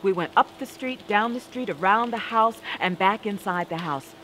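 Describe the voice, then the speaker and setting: A woman performing a spoken-word story with a deliberate, dramatic delivery and rhythmic repetition. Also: mid-range voice, a bit bright, slight background noise, poor audio.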